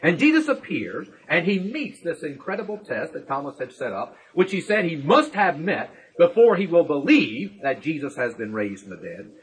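A man delivers an expository sermon, explaining each point step by step. His voice is husky and sits a little high, with big swings of pitch as he leans on the key words. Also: sing-song, rough recording. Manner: deliberate and emphatic, slowing down to stress key words; explains step by step with everyday illustrations. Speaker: Bible teacher.

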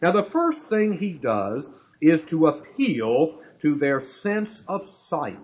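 A man's voice: on the high side, very animated, slow pace, husky, lo-fi sound. A man preaching a sermon, talking emphatically, repeating key points and asking rhetorical questions.

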